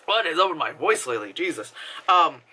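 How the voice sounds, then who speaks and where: A man's voice: on the high side, very animated, a little fast, pushed and bright, a little hiss or hum. A man giving a casual, rambling movie review, full of fillers and swearing. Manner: rambling, filler-heavy, profane.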